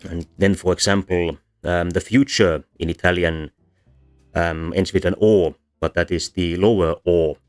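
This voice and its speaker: Deep-voiced guy giving a chill phonetics stream lecture, lots of ums, soft music under it. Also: steady tone, measured pace. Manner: explains patiently with many ums and uhs, demonstrates vowel sounds. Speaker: VTuber linguistics presenter. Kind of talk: livestreamed lecture.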